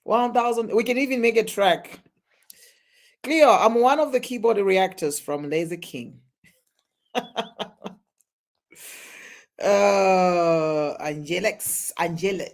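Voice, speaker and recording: A live-stream host reacting to news and reading out viewer chat, halting with many restarts and sudden loud exclamations. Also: medium pitch.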